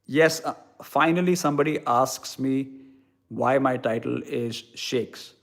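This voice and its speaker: A man's voice: mid-range voice, measured pace, creaky. A young man with an Indian English accent, casually chatting with viewers and answering their questions in a blunt, irreverent way that includes casual swearing. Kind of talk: casual live-stream chat.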